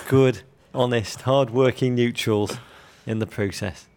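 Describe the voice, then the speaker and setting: A man co-hosting a comedic football podcast. His voice is gravelly with a lot of fry, and he talks in a dry, wry way, savoring his turns of phrase. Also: mid-range voice, steady tone, takes it slowly, darkish tone. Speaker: podcast co-host.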